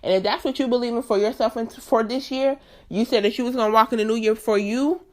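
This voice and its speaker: A woman in her late twenties hosts a solo podcast, speaking candidly and earnestly straight to her listeners in a chatty, emphatic manner. Her voice is on the high side, and she talks fast.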